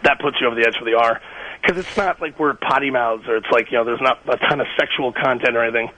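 A young man from Canada chats over the phone at a brisk clip, his voice bright and forward. He talks loosely, laughing easily as he goes. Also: mid-range voice, rough recording. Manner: laid-back, laughs often, chatty. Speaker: actor guest on phone. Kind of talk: casual radio interview.

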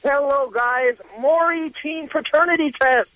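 A man's voice: very high voice, unhurried, sharp tone, poor audio. A man calling in to a radio show who gives his opinion bluntly. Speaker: caller. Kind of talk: call-in phone chat.

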